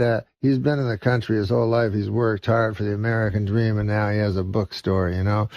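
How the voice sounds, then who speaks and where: A man from Canada telling a long rambling joke in a deadpan, hesitant manner. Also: fairly low pitch, vocal fry, no room sound, highs cut off. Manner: meandering, deadpan, many hesitations. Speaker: comedian guest.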